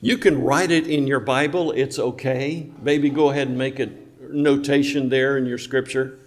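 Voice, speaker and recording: A male preacher delivers a sermon in a church. He speaks with emphasis, tosses rhetorical questions at the congregation and trades remarks with listeners in the pews. His pitch sits in a middle range. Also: steady tone, normal speed.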